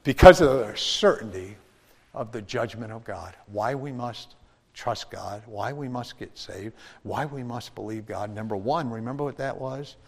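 Animated middle-aged preacher in a church. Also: male voice, mid-range voice, a little slow, gravelly. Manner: animated storytelling, shouting and laughing at punchlines. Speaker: pastor. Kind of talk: sermon. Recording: long church reverb.

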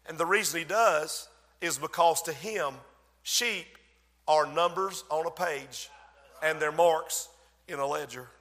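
A man preaching a sermon and praying, dramatic in delivery, swelling loud and dropping soft, slowing down to stress key words. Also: fairly high pitch. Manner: dramatic, swells and drops in loudness, slows for emphasis. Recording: long hall reverb.

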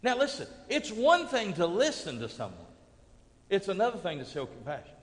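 A high-pitched man preaches to his congregation. He drops to near whispers, then climbs to booming peaks. The long reverb of a large sanctuary hangs on his words. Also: moderate pace. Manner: animated preaching, swinging from hushed to booming. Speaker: pastor. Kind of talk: sermon. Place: church sanctuary.

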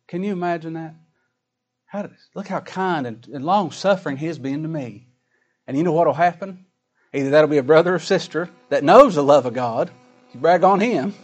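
A middle-aged man preaching a sermon, folksy, swinging from loud emphatic scripture reading to quiet asides. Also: fairly high pitch, brisk, faint music behind. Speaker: pastor.

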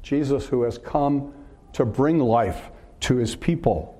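A man preaching a sermon in an earnest way, asking rhetorical questions and pausing on filler words. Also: mid-range voice, warm tone.

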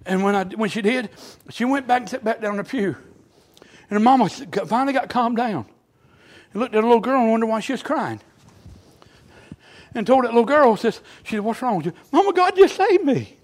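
A man preaching a fervent revival sermon in a church, moving between quiet storytelling and loud shouted exclamations. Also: very high voice, fairly quick. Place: church sanctuary.

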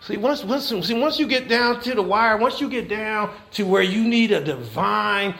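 A man preaching an animated sermon, high and gravelly, bright and edgy in tone. He drives points home with repeated rhetorical questions in a folksy church manner. The room rings with echo. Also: normal speed, slight background noise. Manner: folksy Southern American church phrasing.

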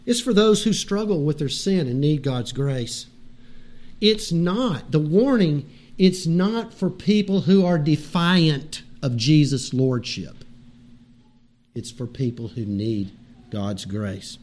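Male pastor, earnest exhorting sermon delivery, slightly higher voice. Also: slow pace. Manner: earnest, exhorting, shifts between loud and hushed.

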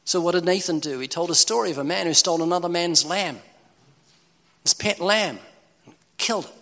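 A man preaching a sermon with urgent, pleading delivery and dramatic swings between loud and soft. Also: high-pitched, brisk, in a large hall.

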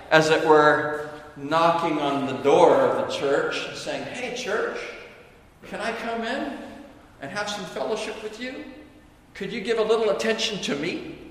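High-voiced animated male preacher. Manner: animated, emphatic, conversational asides. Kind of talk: sermon. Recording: long hall reverb.

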